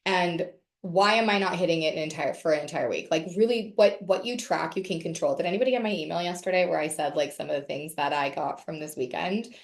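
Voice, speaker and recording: A woman's voice: sits low, fast talker, vocal fry, roomy sound. Chatty woman leading a video call. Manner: chatty, candid, swears casually. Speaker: wellness session leader. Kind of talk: casual group talk on a video call.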